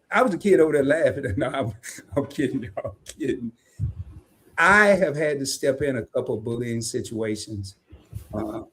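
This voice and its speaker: A man with a Southern US accent co-hosting a live stream, chatting casually, joking and reading viewer comments aloud. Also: fairly high pitch. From American South. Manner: animated, folksy, jokes and reads chat comments aloud.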